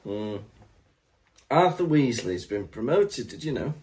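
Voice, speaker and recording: Lively, wry male podcast co-host. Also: mid-range voice, unhurried. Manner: laughs often, wry asides. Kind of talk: casual chat.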